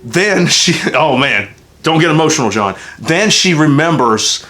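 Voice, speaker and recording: Bright and forceful, this Southern-accented host's voice runs on the high side, animated but at a measured pace. Reviewing a game for his channel, he rambles, gets emotional, and swears nonstop in a casual, unscripted way.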